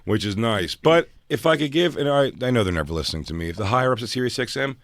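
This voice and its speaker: A man on a radio studio show, telling crude anecdotes and jumping loud and high when he quotes himself. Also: lively intonation, quick pace, creaky, no echo.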